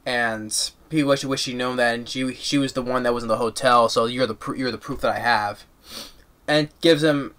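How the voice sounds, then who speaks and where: A man giving a casual, rambling movie review and recapping the plot excitedly with lots of restarts. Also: medium pitch, normal speed.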